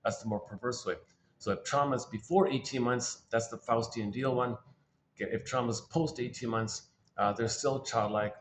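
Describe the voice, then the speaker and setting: Thinking aloud through psychoanalytic ideas, a man gives a rambling spoken talk full of repetition, restarted phrases and self-corrections. His voice is medium-pitched and steady at normal speed, with slight hiss or hum in the background.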